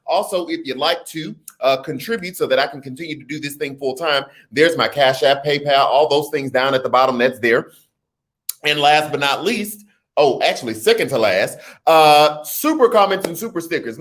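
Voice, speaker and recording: A man's voice: on the high side, a bit bright. A man hosting a casual political livestream, laughing easily and greeting commenters by name. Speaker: host.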